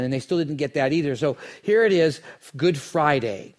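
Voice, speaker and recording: A man preaching a sermon, telling the story dramatically and swinging from hushed lines to near shouts. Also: medium pitch, fairly quick, hardly any pauses. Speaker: pastor.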